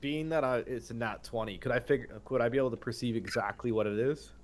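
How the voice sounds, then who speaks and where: A man's voice: medium pitch, quick pace. Inquisitive male tabletop player. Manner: inquisitive, asks many questions. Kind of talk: casual tabletop game talk.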